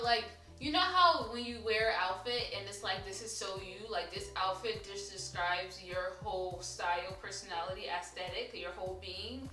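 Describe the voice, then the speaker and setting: Bright chatty young woman vlogging. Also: mid-range voice, poor audio. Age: 20s. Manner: chatty and upbeat, laughs often. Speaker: YouTube vlogger. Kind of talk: casual get-ready-with-me chat. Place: her home at night.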